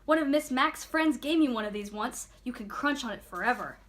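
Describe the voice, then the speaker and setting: A woman reading a children's book aloud, voicing an excited small male pet hamster in a high, gushing tone. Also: fairly quick. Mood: delighted.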